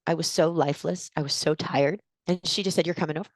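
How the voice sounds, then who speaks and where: A woman in her forties, a guest in an interview, telling a personal story in an animated way and acting out what people said. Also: deep voice, fairly quick, no echo. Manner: animated storyteller, acts out quotes with gasps.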